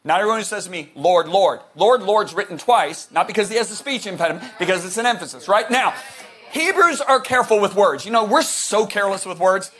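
A man preaching a sermon, animated and joking, shouting some words for emphasis and rambling with restarts. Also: high voice, a little fast. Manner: rambling with restarts, jokey asides.

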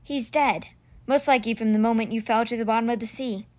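A woman's voice: steady tone, racing, darkish tone, lightly acted. A woman voicing a grief-stricken teenage boy mage, speaking in a raised, strained voice in a storybook reading. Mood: distressed. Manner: higher, shaky and strained.

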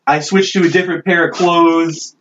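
A man's voice: a little high, fairly even intonation, moderate pace, a bit bright. A man playing a tabletop game in character, laughing often and restarting his lines. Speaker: player. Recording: dull lo-fi recording with faint noise.

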